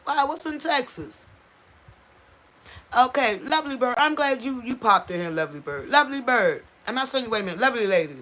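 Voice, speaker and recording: A woman's voice: on the high side, expressive, fairly quick, fairly bright tone. A woman hosting a casual livestream, chatting with viewers and reading out their comments, tripping over unfamiliar place names. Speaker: channel host.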